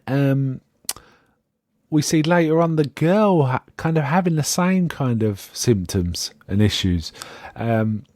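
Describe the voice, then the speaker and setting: A man's voice: mid-range voice, dark tone, no echo, studio quality. A man casually recapping a TV episode on a podcast, rambling and amused and often trailing off mid-sentence. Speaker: podcast co-host.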